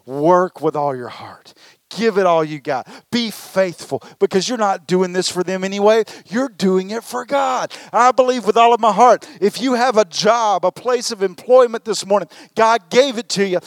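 A man preaching a sermon as pastor, animated and calling on the congregation to respond. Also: sits high, moderate pace, no echo, studio quality. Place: church service.

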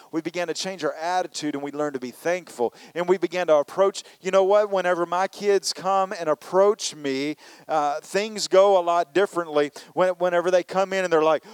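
A man's voice: high-pitched, clean tone, dry recording. A man preaching a conversational sermon, often saying "you know" and acting out people's complaints in prayer. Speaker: pastor.

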